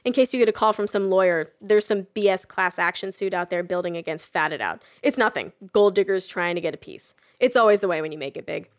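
A woman voicing a brash, smug man who sells kitchen gadgets, talking in a loud, boastful showman pitch. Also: lively intonation, brisk, hardly any pauses, natural voice.

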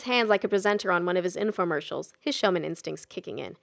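Gravelly woman reading a story. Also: fairly low pitch, fast talker, few pauses. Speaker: audiobook narrator. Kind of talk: scripted narration.

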